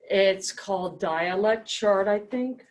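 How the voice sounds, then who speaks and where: A woman teacher with a medium-pitched voice leads a reading lesson at a slow pace, explaining each step and putting questions to the class. The mic sits at a distance in an echoey classroom.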